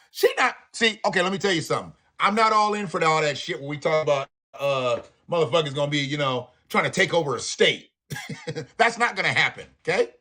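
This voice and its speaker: A livestream host, a man whose profane commentary swings up and down in pitch with lively energy. His voice sits a bit high for a man and has a bright, slightly husky edge. Soft music plays faintly underneath. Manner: profane, animated, laughing asides. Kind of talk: live commentary rant.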